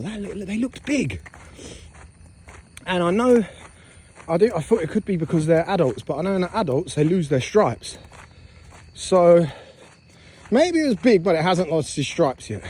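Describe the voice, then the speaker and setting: Chatty British man with a mellow voice. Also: on the high side, husky. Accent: British English. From England, raised there from about age four. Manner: chatty, self-mocking, drifts between topics. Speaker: travel vlogger. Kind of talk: casual rambling vlog talk. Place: outdoors at night on an island path, walking. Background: crickets and insects.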